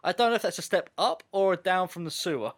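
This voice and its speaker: A man co-hosting a podcast, excitedly chatting about a film, laughing and swearing. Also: high voice, fast talker. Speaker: podcast co-host. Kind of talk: casual film review chat.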